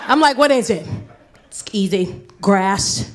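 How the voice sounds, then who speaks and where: A woman comedian doing a stand-up set, brash and profane, breaking into loud shouting bits. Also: mid-range voice, expressive, slow. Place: comedy club stage before a laughing audience. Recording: live club recording with loud crowd laughter. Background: crowd laughing and cheering.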